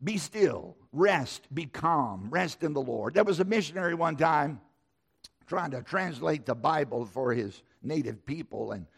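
A man's voice: on the high side, lively intonation, measured pace, gravelly, husky. A middle-aged man preaching a sermon, emphatic and repetitive, with a preacher's cadence. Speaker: pastor.

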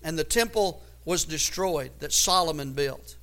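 A man preaching a sermon as pastor, building to loud emphatic runs and often repeating words as he searches for the next phrase. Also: fairly high pitch, lively intonation, unhurried.

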